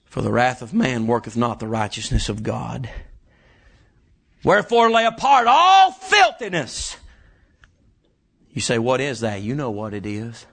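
A man preaching a sermon, building from calm scripture reading to shouted climaxes. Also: medium pitch, moderate pace, creaky, few pauses, slightly rough. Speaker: pastor.

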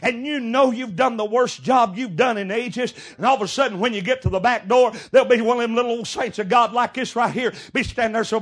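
A middle-aged man preaching a sermon, telling folksy stories and breaking into shouted bursts. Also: high-pitched, normal speed. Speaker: pastor.

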